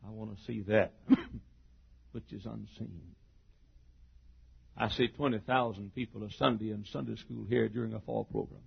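A middle-aged pastor preaching a sermon, moving from quiet storytelling to loud, shouted preaching. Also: male voice, lowish voice, normal speed, gravelly, pauses often. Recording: dull lo-fi sermon recording.

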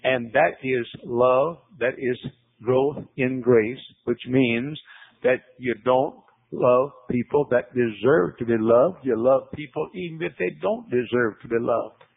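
Gravelly preacher on tinny radio. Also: male voice, measured pace, no echo. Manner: emphatic, repetitive, pitch climbing on key words. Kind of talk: sermon. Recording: tinny phone-like radio broadcast.

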